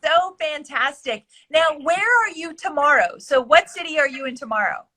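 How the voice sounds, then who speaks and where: A woman's voice: high voice, expressive, normal speed, pushed and bright, rough recording. A woman guest on a casual live video chat, upbeat and enthusiastic.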